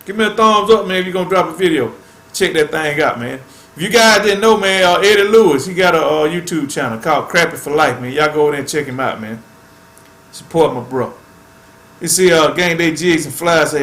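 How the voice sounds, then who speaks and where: A man's voice: a little high, fairly bright tone, reverberant. Laid-back man saying "man" a lot. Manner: laid-back, says "man" constantly, drawn-out phrasing. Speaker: fishing channel host. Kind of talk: casual chat to viewers.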